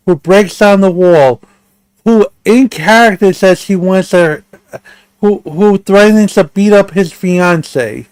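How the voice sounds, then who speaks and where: A man hosting a reaction commentary stream, pausing the clip to pick apart what he heard in an incredulous, emphatic way. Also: high voice, clear, resonant tone, dry recording.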